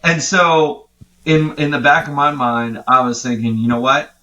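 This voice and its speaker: Brief: podcast co-host, man, lively storyteller, bright tone. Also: fairly high pitch, measured pace, dull audio. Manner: animated storytelling. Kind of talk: casual chat.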